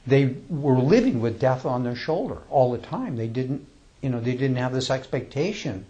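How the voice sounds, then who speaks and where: Relaxed man giving an informal dharma talk. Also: medium pitch, lo-fi sound. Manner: relaxed and conversational, reads poems slowly; chuckles often, many small restarts. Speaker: Zen teacher.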